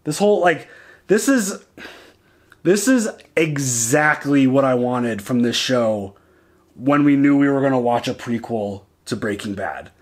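A man co-hosting a casual reaction show, talking excitedly and acting out lines as he retells scenes. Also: medium pitch. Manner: excited, quotes characters in quick retellings.

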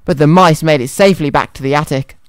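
A man's voice: a little high, fast, clear, resonant tone, dry recording. A man presenting a children's radio show and reading a story aloud in a cheerful, friendly way, in a studio. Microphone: studio microphone.

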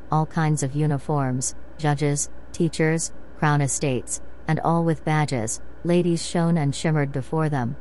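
Female narrator, deep voice, calm sleep-story read, faint hiss behind. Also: poor audio. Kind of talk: bedtime story reading.

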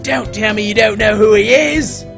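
A man voicing a fussy pigeon with a put-on, shaky French accent, reading game dialogue in a theatrical, drawn-out way. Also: high-pitched, vocal fry, a bit bright, faint music behind, voice pushed up. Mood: coaxing.

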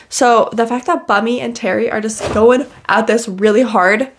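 A woman's voice: a little high, steady tone, normal speed, hardly any pauses. A young woman gushing and squealing as she reacts to music for her vlog, chatty and full of fillers.

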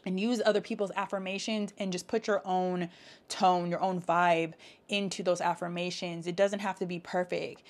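A woman's voice: fairly low pitch, fairly even intonation, moderate pace. A woman talking casually to camera, reading out affirmations and explaining them with an encouraging, laughing manner. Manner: warm encouraging, laughs often, speaks affirmations aloud. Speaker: self-help vlogger.

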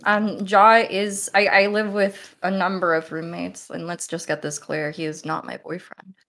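A woman's voice: on the low side, little pitch movement, normal speed, gravelly, a bit bright. A woman as the bachelorette of a dating show on a voice call, bantering playfully. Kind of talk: casual group voice chat.

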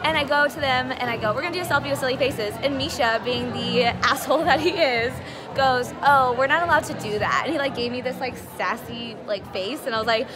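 A young woman vlogging in a busy convention hallway, chatting fast and giggling as she tells stories. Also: sits high. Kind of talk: casual vlog chat. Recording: noisy crowded hall with music.

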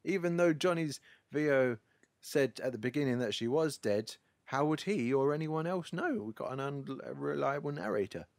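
A man's voice: mid-range voice, animated, moderate pace, creaky, dry recording. A man hosting a podcast, wryly recapping a film plot in a casual, storytelling way. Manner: wry, storytelling. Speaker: podcast host.

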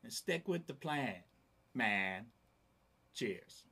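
A man's voice: medium pitch, lively intonation, extremely slow, vocal fry, bright, forceful tone. A man hosting his own casual vlog, talking in a laid-back, rambling way with lots of fillers. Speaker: YouTube channel host. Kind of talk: casual camera review vlog.

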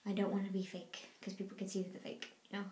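A woman's voice: mid-range voice, monotone, fast talker, darkish tone. Laid-back woman vlogging in a roomy room. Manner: laid-back, rambling, laughs often. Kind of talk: casual late-night vlog chat. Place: dark room at home. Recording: roomy home room, faint noise.

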